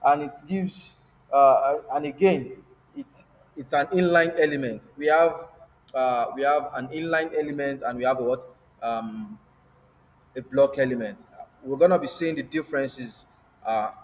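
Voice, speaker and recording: A man's voice: medium pitch, long reverb tail, rough recording. A man teaching a coding lesson, stopping often to quiz his class with rhetorical questions and repeating key words. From Africa. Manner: repetitive, asks rhetorical "what?" prompts. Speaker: coding instructor. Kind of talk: screen-share coding lesson.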